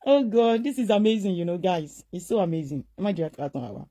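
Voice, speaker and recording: A woman's voice: on the low side, expressive, fast talker, dark tone. Gushing overjoyed woman in a video clip. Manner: gushing, overjoyed, tearful, repeats "oh my God". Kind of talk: emotional social media clip.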